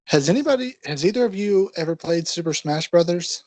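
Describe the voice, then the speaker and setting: A man's voice: sits high, expressive, fairly quick, a little mellow, dry recording. A man cohosting a casual podcast, direct and asking questions.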